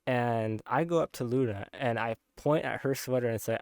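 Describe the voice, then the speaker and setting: A man's voice: medium pitch, normal speed, clear, resonant tone, no echo. A young man casually retelling a dream, rambling with many filler words and frequent laughs. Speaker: content creator.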